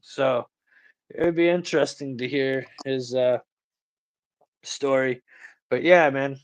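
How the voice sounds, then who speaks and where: A man's voice: medium pitch, slow pace. A man hosting a livestream in casual chat, rambling and slangy, calling people bro and dude. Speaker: livestream host.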